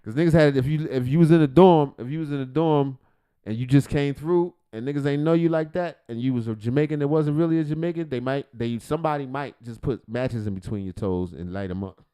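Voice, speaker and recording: Speaking at a brisk, smooth clip in a medium pitch, this man hosts a livestream where he rambles through video reactions, swearing and cracking jokes. His loudness jumps up and down as he goes.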